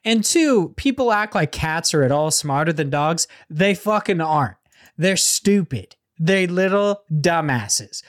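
A man's voice: a little high, animated, a little slow. A man co-hosting a podcast, telling a rambling, profane story in casual chat. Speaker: podcast co-host.

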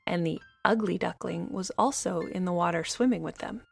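A woman reading a fairy tale aloud in a gentle, even storytelling voice. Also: fairly low pitch, moderate pace, creaky, breathy edge, faint music behind.

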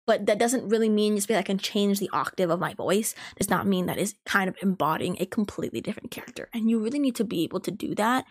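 A woman's voice: medium pitch, fast, hardly any pauses, dry recording. A young adult woman in casual podcast chat, rambling and swearing freely with lots of filler words.

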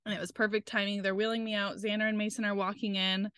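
A woman's voice: mid-range voice, level tone, fast talker, fairly bright tone, smooth, no room sound, clean studio sound. A young woman talking casually and candidly as a podcast co-host, swearing freely as she tells a personal story and quotes the people in it.

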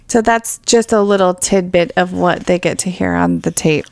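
A woman co-hosts a casual true crime podcast, and her voice is smooth and resonant. The sound is dry, with no room around it. She talks bluntly and indignantly and swears freely. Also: lowish voice, fairly even intonation, moderate pace, hardly any pauses, a little mellow, dry recording. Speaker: podcast co-host.

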